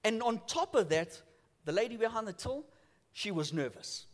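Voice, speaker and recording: Pastor guy preaching in church, high voice, tells stories, goes loud then real quiet. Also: sing-song, normal speed. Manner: storytelling, acts out voices in quotes, swings from loud to hushed. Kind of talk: sermon.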